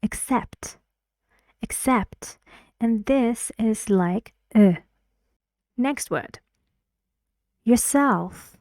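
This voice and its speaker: A woman teaching English pronunciation, slowly repeating words clearly for learners. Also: fairly high pitch, lively intonation, darkish tone, no room sound, studio quality. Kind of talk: slow pronunciation lesson with drills.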